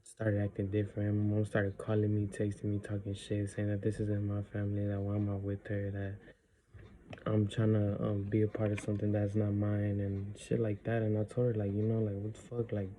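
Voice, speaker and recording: A man's voice: lowish voice, monotone, a little fast, warm tone, a little hiss or hum, low-quality recording. A man telling a personal story in a casual vlog. He talks bluntly, curses, leans on filler words and drops in Spanish phrases. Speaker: vlogger.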